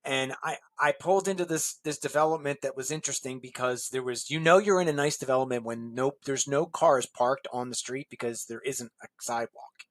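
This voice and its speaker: A man casually telling a long anecdote as an interview guest, animated and chuckling as he acts out the voices of people in the story. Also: mid-range voice, fairly quick, hardly any pauses, no room sound.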